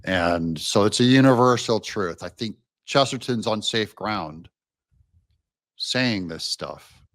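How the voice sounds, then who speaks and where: A man's voice: fairly low pitch, animated, slow pace, fairly bright tone, no echo, clean studio sound. A man as a podcast guest, reflecting in a thoughtful, casual way and drifting from one reference to the next.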